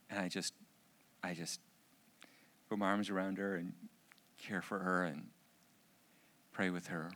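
A middle-aged man preaches through a personal story. He is animated and throws in jokey asides. His low voice has a forceful, pressing edge. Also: unhurried, long pauses. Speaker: speaker. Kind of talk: personal anecdote in a sermon.

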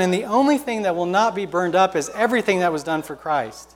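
A male pastor delivering an impassioned sermon, rising to loud exhortation and dropping to hushed pleading. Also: high-pitched, a little fast, hardly any pauses, long reverb tail.

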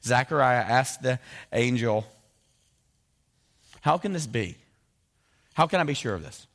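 Male pastor, animated and jokey sermon, does the voices of biblical figures. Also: mid-range voice, unhurried.

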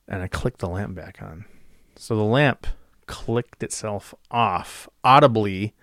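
There's no room sound here, just clean studio quality, as a former radio DJ of middle age spins offbeat tales from his past. His voice sits lowish, and he keeps things relaxed, often restarting sentences and leaning on fillers.

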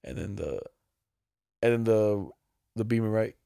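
A man's voice: fairly low pitch, expressive, a little slow, gravelly, warm tone, smooth, no echo, clean studio sound. A man in casual chat, telling stories by acting out quoted exchanges, swearing casually.

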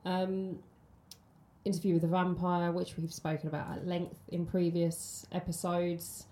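A woman co-hosts a casual film podcast, chatting with plenty of ums and restarts. Her voice is low-leaning and warm, a little slow and fairly flat in pitch, and the recording has a roomy echo.

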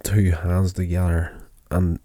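A man's voice: sits low, little pitch movement, slow, dark tone, no room sound. A tired man casually recapping a television episode, rambling with many fillers and restarts. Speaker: show recapper.

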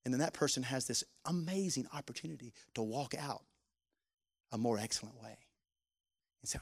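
A male pastor preaches a sermon in an expressive, creaky, husky voice. He draws key words out slowly and rises to loudness for emphasis, then sinks into a soft, low tone for prayers and asides.

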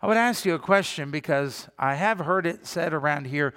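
A man's voice: fairly high pitch, expressive, moderate pace, a bit bright, in a large hall. An older man, a pastor, preaching a conversational sermon, asking the congregation questions and putting on mock voices. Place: church sanctuary.

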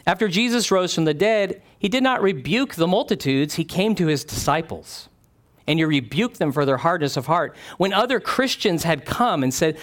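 A man delivering a sermon in an animated way. His voice sits a little high and moves a lot, and he drops low and quiet when he acts out what someone said. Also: moderate pace. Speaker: preacher.

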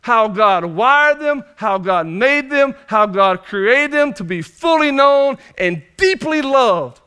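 High-voiced preacher man. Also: lively intonation, takes it slowly, pushed and bright, clear, resonant tone. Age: young adult. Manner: emphatic preaching with repeated phrases. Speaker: pastor. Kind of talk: sermon.

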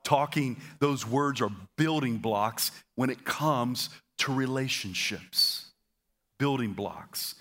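A man preaching a sermon to his congregation, energetic and having them repeat phrases back to him, with stammered repeats and quick asides. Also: medium pitch. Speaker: pastor. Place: church auditorium.

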